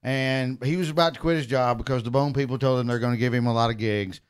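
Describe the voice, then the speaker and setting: A man's voice: medium pitch, fast, clean tone. A man from Alabama, a comedian telling a chatty, profane story in an interview. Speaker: comedian guest. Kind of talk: storytelling anecdote.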